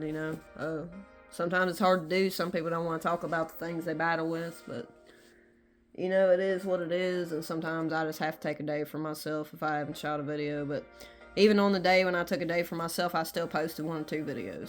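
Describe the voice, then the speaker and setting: A woman with a Southern American accent, rambling candidly in a casual personal vlog from her room. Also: deep voice. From Southern United States. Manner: rambling and candid, many fillers. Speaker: vlogger. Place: small bedroom at home.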